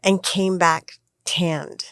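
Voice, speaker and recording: A woman's voice: on the low side, steady tone, drawn-out words, smooth, dry recording, clean studio sound. A woman co-hosting a talk, thoughtful and explanatory in manner. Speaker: co-host. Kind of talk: reflective conversation.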